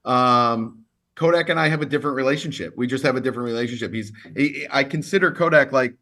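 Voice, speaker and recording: A man, a lawyer, telling stories in a relaxed interview, chatty and full of repeated words. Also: medium pitch, fast talker. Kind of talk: casual interview storytelling.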